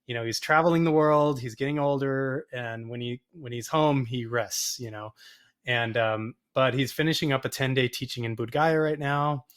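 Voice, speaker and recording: Male guest, animated rambling storyteller, average pitch, heard over a video call. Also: normal speed, clear, resonant tone. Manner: animated, rambling, acts out quoted voices. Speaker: photographer and podcast guest. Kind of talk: casual storytelling interview.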